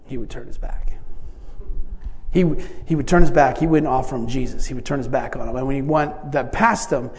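In a large hall with long reverb, a preacher tells stories through a meandering sermon. His gravelly voice sits at medium pitch and moves a little fast, and he keeps restarting his sentences and chuckling.

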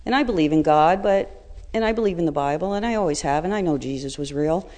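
A middle-aged woman telling a personal story in a blunt, colloquial, animated way. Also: deep voice, fast, long reverb tail.

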